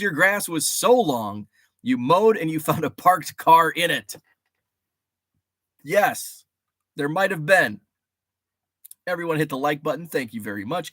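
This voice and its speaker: Animated rambling man hosting a livestream. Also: mid-range voice, dry recording, studio quality. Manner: rambling and animated, reading chat names aloud with greetings. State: stuffy from allergies. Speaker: livestream host. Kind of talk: casual livestream chat. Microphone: studio mic.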